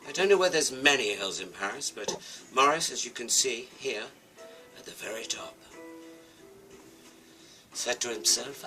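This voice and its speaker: A man's voice: medium pitch, lively intonation, normal speed, pauses often, sharp tone, recorded from a distance, faint music behind, low-quality recording. A British man telling a comic story with a toy, chatty and playful, with asides to the viewer.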